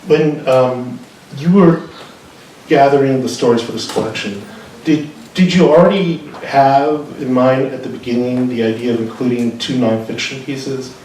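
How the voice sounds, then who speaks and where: Halting male interviewer, echoey room. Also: mid-range voice, a little mellow. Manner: halting, searching questions full of fillers. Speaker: interviewer and managing editor. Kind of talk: live onstage interview. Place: bookstore event space. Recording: very echoey room, mic far off, faint noise.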